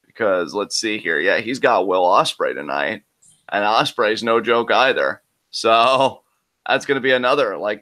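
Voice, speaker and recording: A man's voice: on the low side, pushed and bright. A man co-hosting a live reaction show, breaking down what he watches and making predictions with many "I mean"s. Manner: analytical, talks through predictions with many "I mean"s. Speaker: co-host of a wrestling reaction show.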